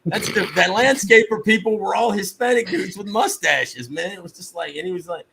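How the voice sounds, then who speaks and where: Gravelly-voiced man telling stories. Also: high-pitched, normal speed, slight background noise, rough recording. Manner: profane, animated storytelling with mock-outraged asides. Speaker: streamer host. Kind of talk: casual storytelling chat.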